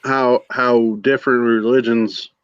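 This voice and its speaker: A man's voice: medium pitch, clean tone, dry recording. A man chatting casually with friends, joking and laughing easily. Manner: lively, joking, quick to laugh. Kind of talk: casual chat. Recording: dull lo-fi call audio.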